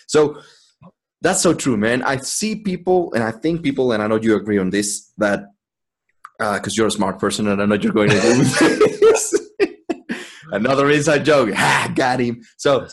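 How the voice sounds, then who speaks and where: A man co-hosting a podcast, talking in a profane, emphatic way and laughing often. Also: lowish voice. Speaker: podcast co-host. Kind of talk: casual chat.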